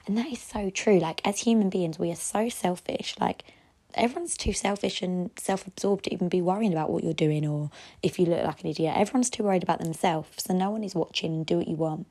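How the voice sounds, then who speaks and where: Brief: young woman, podcast host, low gravelly pep-talk delivery. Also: brisk, dark tone. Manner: chatty pep talk, frank and encouraging. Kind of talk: solo advice podcast.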